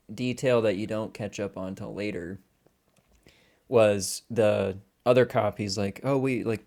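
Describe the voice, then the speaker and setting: A man's voice: on the low side, darkish tone. Swearing, laughing male podcast co-host. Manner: laughing often, swearing, acting out movie lines. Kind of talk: casual film chat.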